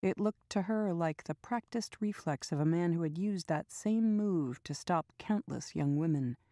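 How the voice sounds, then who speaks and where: A woman reads an audiobook in a steady, measured storytelling style. Her pitch is fairly low, and the recording is dry and studio-clean.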